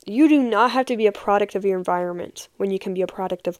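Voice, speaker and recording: A woman's voice: medium pitch, fast, hardly any pauses, no room sound, clean studio sound. A young woman and podcast host giving a heartfelt personal faith testimony, speaking earnestly and repeating key phrases for emphasis.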